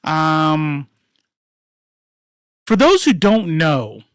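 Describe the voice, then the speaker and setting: A livestream commentator giving casual political commentary, profane and rambling, swinging between loud outbursts and mumbled asides. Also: medium pitch, sing-song, extremely slow, smooth, dry recording, clean studio sound.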